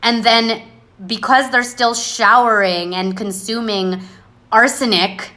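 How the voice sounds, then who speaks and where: A woman's voice: on the high side, steady tone, slow pace, sharp tone. A woman hosting a casual livestream monologue, talking bluntly and sarcastically without apology. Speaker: livestream host. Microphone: phone.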